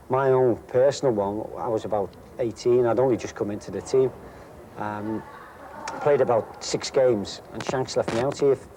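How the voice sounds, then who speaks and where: A man, a former footballer, vividly retelling a meeting with his manager and mimicking the manager's fierce outbursts, recorded with noisy outdoor ambience. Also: medium pitch. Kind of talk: interview anecdote.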